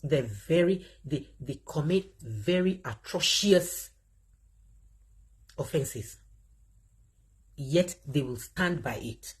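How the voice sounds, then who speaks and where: A Nigerian woman hosts a live online chat, her voice husky and a touch breathy. She talks in an animated way, addresses her viewers directly and reads their comments aloud between her own remarks. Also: deep voice, slow, pauses often. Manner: animated, talks straight to viewers, laughs often. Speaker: livestream host.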